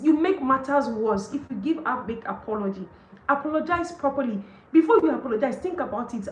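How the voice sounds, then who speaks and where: A woman's voice: sits high, reverberant, low-quality recording. A young adult woman with a Nigerian accent, hosting a book session and commenting emphatically on what she reads, often laughing and acting out quoted excuses. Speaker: book discussion host. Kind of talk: live session reading and commenting on a marriage book.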